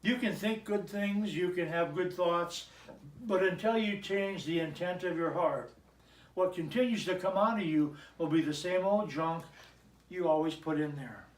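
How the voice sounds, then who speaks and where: Chatty pastor man with a high voice. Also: normal speed. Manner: joking, chatty asides to the congregation. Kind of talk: conversational sermon. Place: church sanctuary. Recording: echoey church, mic at a distance.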